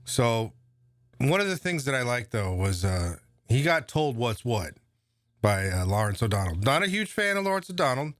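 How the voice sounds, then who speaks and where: A man's voice: mid-range voice, sing-song, moderate pace, fairly bright tone, dry recording, clean studio sound. A man hosting casual political commentary, sarcastic and profane, rambling as he goes. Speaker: host.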